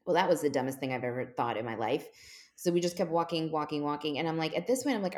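A woman's voice: low-pitched, fast talker. A woman in her forties, a podcast guest, telling a long funny story in casual chat and jumping into quoted voices. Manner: animated, jumps into quoted voices.

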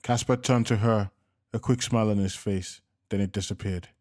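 A man with a low voice narrates a written story. He reads in a steady, measured way. The sound is dry and close. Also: no room sound.

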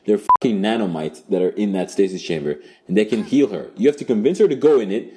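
A man running an improvised storytelling game as game master, crude, profane and animated. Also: fairly low pitch, fast talker, noisy background.

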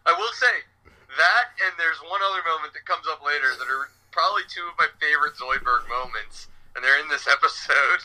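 Male teacher co-host, very bright and sharp tone, higher pitch, easygoing recap chat. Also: fairly quick, rough recording. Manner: relaxed, fills in details, quotes lines. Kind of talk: casual chat recapping a cartoon episode.

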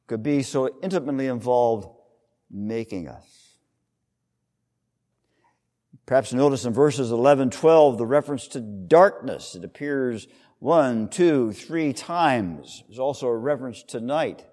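A male pastor preaching a sermon, teaching in an explanatory way with emphatic rises and soft trailing drops. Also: mid-range voice, lively intonation, a little slow, in a large hall.

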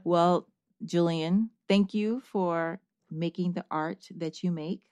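A woman hosting a podcast, asking questions in relaxed casual chat. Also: lowish voice, slow pace, clear, resonant tone, no echo. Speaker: podcast host.

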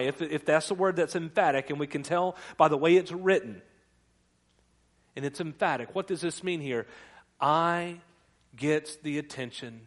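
A male pastor delivering a conversational sermon, stumbling over restarts and asking the congregation questions. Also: fairly high pitch. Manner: conversational preaching with repeated restarts.

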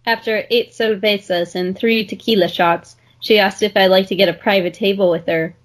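A woman with a mid-range voice co-hosts a podcast. She reads story passages plainly, then breaks into animated, laughing reactions. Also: medium pitch, moderate pace. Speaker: podcast co-host.

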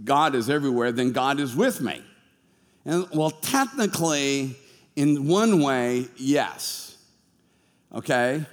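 A male pastor preaching a sermon in an animated, jokey, conversational way, in a church hall being filmed. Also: mid-range voice. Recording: long hall reverb.

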